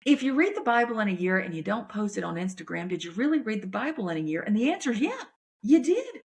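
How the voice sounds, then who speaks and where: A woman comedian, talking in a chatty, folksy, animated way on her podcast. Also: mid-range voice, fast. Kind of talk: casual chat.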